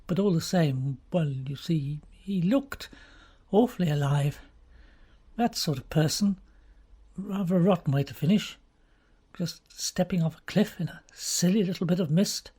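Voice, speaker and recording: A woman's voice: lowish voice, expressive, unhurried, mellow, husky. A woman voicing an earnest, bluff young man, recently out of the Navy, in an audiobook. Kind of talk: audiobook character reading.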